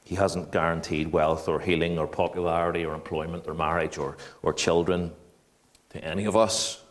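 A man preaching a sermon, animated and shifting between quiet earnest talk and loud mocking asides. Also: low voice, moderate pace.

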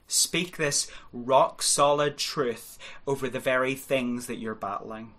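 Preacher guy, bright clear voice, earnest, leans hard on key words. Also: medium pitch, takes it slowly. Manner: earnest, exhorting, rising and falling for emphasis. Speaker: pastor. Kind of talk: sermon.

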